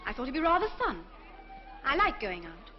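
A woman's voice: sits high, sing-song, normal speed. An actress playing a spirited young nurse who teases a shy young man, in a 1950s film. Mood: teasing. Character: young fair-haired nurse, teasing and spirited. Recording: dull old film soundtrack with music.

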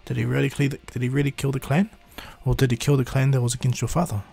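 A man improvising fan-fiction narration, rambling and halting with fillers. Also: mid-range voice, flat delivery, gravelly, dark tone, breathy edge, faint music behind. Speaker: fan storyteller.

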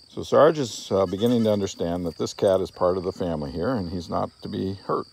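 Low gravelly-voiced man training a dog. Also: fairly quick, few pauses, slight background noise. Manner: calm explaining, breaking into coaxing calls to the dog. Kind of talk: explaining a training session on camera.

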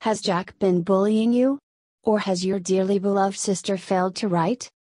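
Brief: kindly, paternal gentleman, soft and soothing, dry close sound, read by a woman. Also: medium pitch, steady tone, moderate pace, no echo, lightly acted. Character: gentle, courtly grown man comforting a woman.

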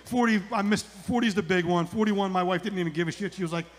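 A man in his forties doing a live stand-up routine, acting out characters in high put-on voices. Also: fast talker, big-room sound. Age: 40s. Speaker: stand-up comedian. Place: outdoor comedy club stage.

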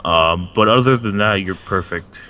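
A young man playing a foul-mouthed girlfriend in an improvised comedy skit, talking deadpan and crude with a country twang that keeps slipping in. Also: low voice, moderate pace, noisy background, close to an everyday voice.

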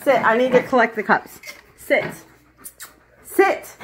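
A woman's voice: on the high side, animated, takes it slowly, a little hiss or hum. A woman at home playfully giving her dog commands and encouragement during a game. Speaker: dog owner and channel host. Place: at home, at a table.

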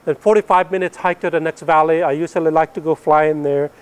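A middle-aged man delivers a spirited testimony, his somewhat high voice building with excitement and then sinking almost to a hush as each line closes. He speaks as a missionary pilot, in an emphatic, story-driven way. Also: fast, clean tone. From northern Philippines. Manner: animated storytelling that swells up and then drops soft at the ends of lines. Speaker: missionary pilot and Bible translator. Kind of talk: testimony speech to an audience.

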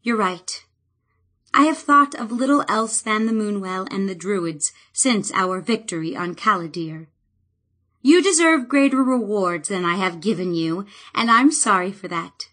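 A woman voicing an earnest, devoted young woman druid in an audiobook, speaking softly and heartfelt. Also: medium pitch, expressive, measured pace. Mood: hopeful.

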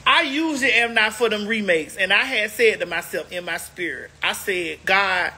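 A woman's voice: mid-range voice, expressive, moderate pace, pushed and bright, breathy edge. A woman hosting a casual livestream, chatting to viewers in a sassy, emphatic way, stretching words out for effect. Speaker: livestream host.

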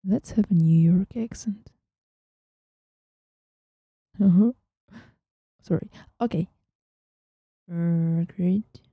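A woman hosting a casual software tutorial, chatting as she works and often dropping into a whisper. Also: lowish voice, takes it slowly, husky, dry recording, dull audio. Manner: chatty, thinking aloud, often drops to a whisper. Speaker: tutorial host.

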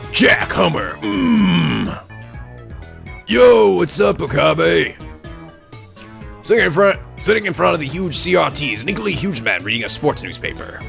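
A man's voice: on the high side, sing-song, unhurried, gravelly, a bit bright, soft background music. A man hosting a let's play, reading a visual novel aloud with playful, theatrical delivery, often giggling.

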